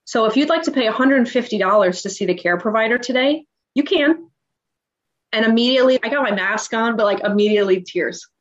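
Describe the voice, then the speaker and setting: A woman in her thirties tells her own story as a podcast guest. She is emotional and animated and acts out the lines of the people in it. The recording sounds dull and lo-fi. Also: on the high side, fairly quick. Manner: emotional, animated retelling with acted-out dialogue. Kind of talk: personal storytelling in an interview.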